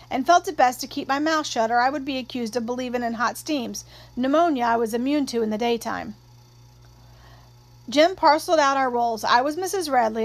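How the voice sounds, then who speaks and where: A woman narrating a first-person novel aloud in a measured, expressive storytelling manner. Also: sits high. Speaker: audiobook narrator.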